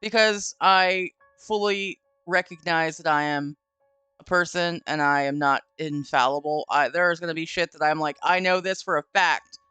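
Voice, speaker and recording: A man's voice: on the high side, steady tone, moderate pace, bright, forceful tone, smooth, dry recording, soft background music. A man chatting casually on a stream, joking and self-deprecating, laughing along with his co-host. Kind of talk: casual chat.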